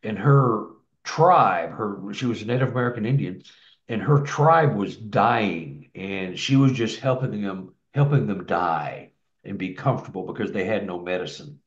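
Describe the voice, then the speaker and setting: Talking at normal speed in a lowish voice, a man shares a long personal story as a guest. It's casual and rambling, full of restarts and repeated words, and the sound is echoey, dull, and lo-fi.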